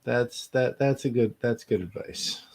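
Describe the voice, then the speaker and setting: Guy on a live chat show tossing in quick asides and short yeahs, ordinary middle voice. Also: medium pitch, gravelly, a loud crowd. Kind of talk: casual livestream chat.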